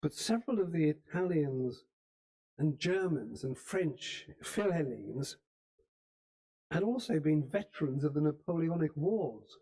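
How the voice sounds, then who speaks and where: A man giving a storytelling history lecture in a church hall, unhurried, with small restarts now and then. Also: a little high, animated, dark tone. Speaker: speaker giving a history talk.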